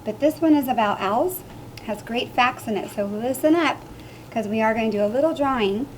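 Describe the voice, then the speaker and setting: A woman teacher reading a picture book aloud to children, making loud high animal sounds. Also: moderate pace, a little hiss or hum.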